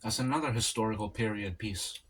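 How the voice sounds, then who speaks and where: A man in a casual solo eating vlog, rambling and musing aloud with pauses as he chats about movies. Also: on the low side, background noise. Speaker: mukbang vlogger. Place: home, at a table eating.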